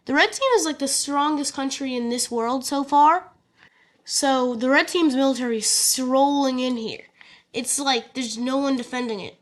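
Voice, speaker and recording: A woman talks through an alternate-history map story in a loose, chatty way, with plenty of fillers and joking asides. Her voice sits a little high, and she sounds relaxed and unscripted. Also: moderate pace. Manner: casual, chatty, filler-heavy, jokey asides. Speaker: map video narrator. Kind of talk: casual narrated map story.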